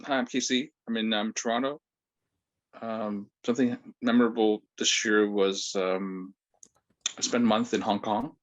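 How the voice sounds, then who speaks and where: A man's voice: fairly low pitch, fairly even intonation, normal speed, dull audio. A man introducing himself on a video call, brief and matter-of-fact with some ums. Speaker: participant. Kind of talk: casual self-introduction.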